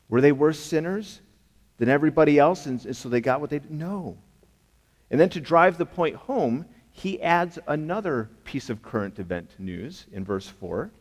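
A man's voice: a little high, expressive, normal speed. A man preaching a sermon as a pastor, emphatic and conversational, often asking the congregation rhetorical questions. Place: church sanctuary. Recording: long hall reverb.

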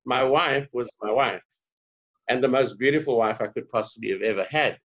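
A South African man in his forties, a guest on an interview, telling stories in an animated, earnest way with playful asides. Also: mid-range voice, moderate pace, dull audio. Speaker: guest, diversity specialist. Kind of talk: casual interview talk.

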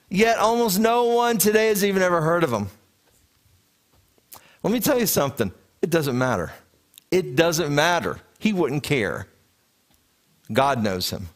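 Male rabbi, 30s, animated storytelling sermon with frequent restarts. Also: a little high, a little slow, long pauses. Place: congregation sanctuary.

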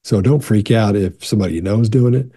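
A man in his sixties with a very dark, mellow voice and a slightly husky edge answers viewer questions. He talks in a relaxed, reassuring way, restarting his sentences as he goes. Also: on the low side, quick pace. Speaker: body language expert answering viewer questions. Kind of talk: casual Q&A, reading viewer questions aloud.

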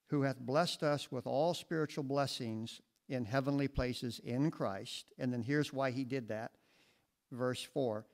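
A man's voice: medium pitch, low-quality recording. A male American pastor teaching verse by verse in a conversational way, often asking the congregation questions, sometimes moving away from the mic. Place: church classroom with audience. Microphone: moves away from the mic at times.

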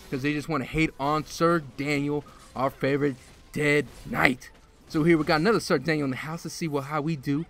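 Hyped guy commentating his game, bright voice, kinda out of breath, yells a lot. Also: on the high side, no room sound. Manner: excitable, loud outbursts during play. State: a little out of breath. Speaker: gaming video host. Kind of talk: casual gameplay commentary.

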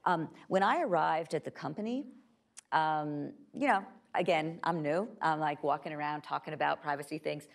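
A woman speaking as a guest onstage at a conference, lively and laughing, acting out quoted voices between frequent fillers. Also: sits low, moderate pace, vocal fry. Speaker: guest speaker, tech company privacy chief. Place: stage at a tech conference.

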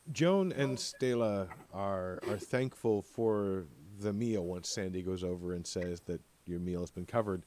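Halting low-voiced game master. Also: male voice, a little mellow. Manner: halting, many fillers and repeats. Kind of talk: narrating a tabletop game.

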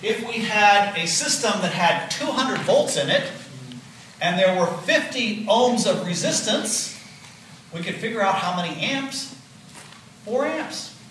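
Older male professor, patient and explanatory; high, bright voice captured from afar in a roomy hall. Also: lively intonation, a little slow. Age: 60s. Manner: explanatory, repeats key points with "okay?" and "right?". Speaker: physiology lecturer. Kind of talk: classroom lecture. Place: lecture hall. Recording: roomy lecture hall, mic at a distance, faint noise.

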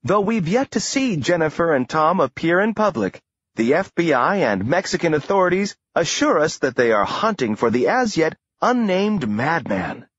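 A woman's voice: low voice, big pitch swings, moderate pace, slightly rough, no echo, muffled recording, pitched above the performer's own voice, full character voice. A man voicing a female celebrity gossip reporter with a breathless showbiz patter. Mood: gushing.

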